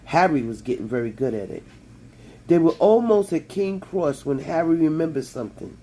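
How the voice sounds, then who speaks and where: Man reading a storybook, mellow tone. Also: on the high side, animated, normal speed, slight background noise, low-quality recording. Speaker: audiobook reader.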